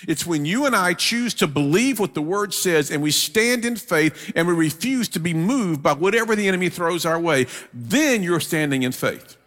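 A man preaching a sermon, telling a story with humor and lively energy. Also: sits high, moderate pace. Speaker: guest preacher. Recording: long hall reverb from church.

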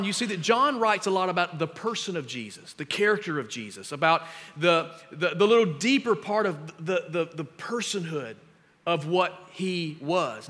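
A man preaching a sermon as pastor, with emphatic delivery that grows louder on scripture readings. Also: high-pitched, big-room sound. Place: church sanctuary.

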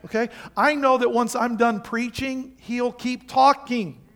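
Male pastor, high pitch, emphatic sermon delivery with pointed questions. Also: fairly even intonation, a little slow, fairly bright tone. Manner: emphatic preaching with rhetorical questions.

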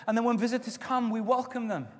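A man preaching a sermon as pastor, with stretches of loud, emphatic exhortation and softer prayer. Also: very high-pitched, steady tone, quick pace. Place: church auditorium. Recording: long reverb of a church hall.

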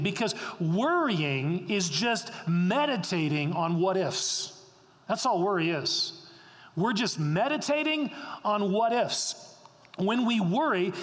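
Man preaching a sermon, somewhat high voice, earnest repetition, long church-hall reverb. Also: a bit bright. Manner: earnest preaching, repeats phrases for emphasis. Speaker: pastor.

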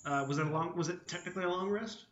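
A man's voice: high-pitched, racing, fairly bright tone, a little hiss or hum. A man playing a tabletop game, chatting casually and joking with a ready laugh. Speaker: player. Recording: roomy, dull-sounding.

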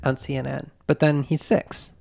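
Male podcast host, gravelly, dry sound, animated casual storyteller. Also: medium pitch, moderate pace, no room sound. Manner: retells a story animatedly, acting out quoted voices.

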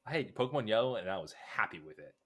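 Eager male co-host from New Jersey, low pitch but bright and forceful. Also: animated, fast, breathy edge. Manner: eager, chatty, jumps in over others. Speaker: podcast co-host. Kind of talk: casual TV recap chat.

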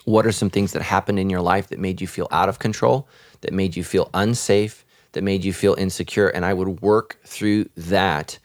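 A man's voice: low-pitched, fairly even intonation, moderate pace, dry recording, clean studio sound. A man, a pastor, speaking earnestly and reflectively in a podcast conversation about faith.

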